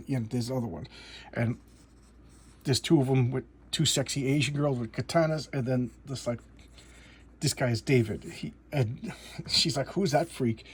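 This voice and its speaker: A man casually recapping and reviewing a comic book, rambling and halting with frequent restarts and chuckles. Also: medium pitch, slight background noise.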